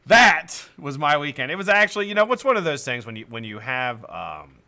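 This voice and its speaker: Man, middle-aged, live stream host, casual storytelling, swears, laughs, sharp bright tone. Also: on the high side, brisk. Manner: animated, profane, laughs often.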